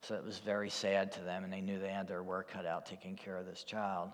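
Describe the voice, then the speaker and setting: Lower-voiced pastor in a reverberant church. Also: male voice, level tone, fairly quick. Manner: storytelling, conversational with "you know" asides. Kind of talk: sermon.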